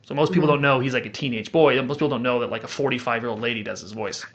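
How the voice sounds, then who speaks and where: A man hosting a relaxed podcast conversation, his voice gravelly with a rough edge. He tells stories animatedly and jumps into character voices to show what he means. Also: mid-range voice, very fast, dull audio. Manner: animated storytelling, demonstrating voices. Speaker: podcast host and audiobook author. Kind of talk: casual chat.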